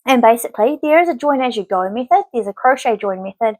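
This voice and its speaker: A woman's voice: on the high side, animated, fast talker, darkish tone, no room sound. A woman in her thirties hosting a knitting podcast, chatting casually and rambling with many filler words. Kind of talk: casual chat to camera.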